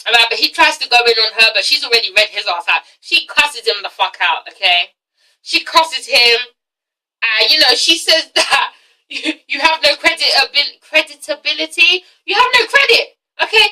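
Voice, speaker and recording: A woman's voice: high voice, animated, moderate pace, sharp tone, recorded from a distance, low-quality recording. A young woman reviewing a reality TV show in a casual vlog, ranting bluntly and swearing a lot.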